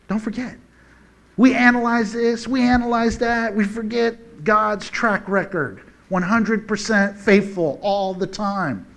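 A man with a notably high voice delivers a casual, conversational sermon. He talks in a folksy, animated way and often chuckles between points. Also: slow, creaky. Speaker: preacher.

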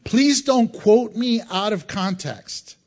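A middle-aged male pastor preaching a sermon, animated and joking, acting out crowd voices as he goes. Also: high voice, takes it slowly. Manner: animated, acts out crowd voices, jokes and chuckles.

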